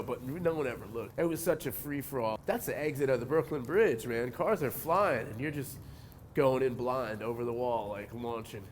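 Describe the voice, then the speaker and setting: A man, telling skateboarding stories in a relaxed interview, cursing freely and getting animated as he goes. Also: mid-range voice, moderate pace, slight background noise. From New Jersey. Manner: laid-back, swears a lot, animated when telling stories. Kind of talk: casual interview.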